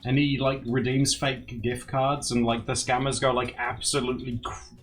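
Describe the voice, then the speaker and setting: A man's voice: medium pitch, level tone, normal speed, a bit bright. A man chatting casually on a live stream, giggly and playful. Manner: giggly, playful, bouncing between voices.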